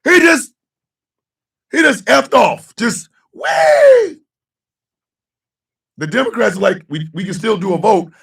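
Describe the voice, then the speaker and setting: A man hosting a casual talk show, ranting loudly and cursing, swinging between shouting and low mutters. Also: sing-song, moderate pace, creaky, far from the mic. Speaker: host.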